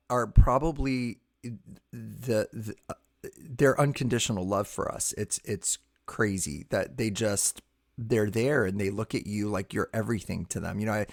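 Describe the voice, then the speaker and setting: A man hosting a casual podcast chat, animated and teasing, his voice jumping up when he laughs. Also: on the low side. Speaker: podcast host.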